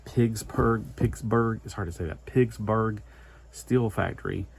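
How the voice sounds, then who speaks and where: A man's voice: lowish voice, normal speed, creaky, a little mellow, slightly rough. A man giving a casual, rambling comic book review, full of chatty asides and filler words.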